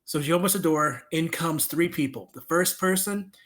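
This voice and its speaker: A young adult man telling a story as a podcast guest, animated and slipping into other people's voices. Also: a little high, normal speed, a little hiss or hum. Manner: animated, acts out voices in his stories. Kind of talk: casual storytelling chat.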